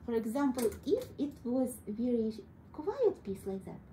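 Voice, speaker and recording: A woman's voice: on the high side, very animated, moderate pace, poor audio. A woman with a Russian accent teaching a piano lesson, patient and coaxing, calling her student sweetie. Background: piano playing.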